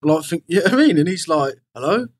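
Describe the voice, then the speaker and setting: A man's voice: on the high side, animated, fast, a little mellow. A man talking frankly as a podcast guest in casual conversation, rambling and swearing freely, with lots of "you know".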